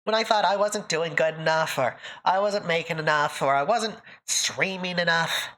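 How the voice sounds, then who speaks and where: A woman streamer with a fairly low, fairly bright voice chats casually with her live audience at a moderate pace. She is emotional and close to tears, laughing often between thank-yous.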